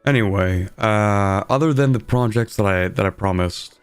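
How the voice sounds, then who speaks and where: A man's voice: fairly low pitch, moderate pace, clear, resonant tone, no echo, soft background music. A young man streaming a strategy game, talking casually in a sleepy, rambling way while he explains his moves. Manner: sleepy, rambling, self-deprecating.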